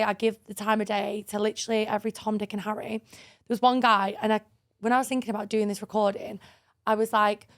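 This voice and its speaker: A woman co-hosting a podcast, telling dating stories in a lively, swearing, laughing way. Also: mid-range voice. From England. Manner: animated, swearing, laughing storyteller. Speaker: podcast co-host. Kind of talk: casual chat.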